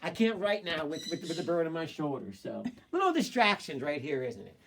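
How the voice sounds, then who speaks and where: A male teacher leads a phonics lesson by video, coaxing students to tap out sounds and read words fast. His encouraging, repetitive prompts carry across the room to a camera mic set some way off. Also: on the high side, big pitch swings, fairly bright tone. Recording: voice distant from the mic.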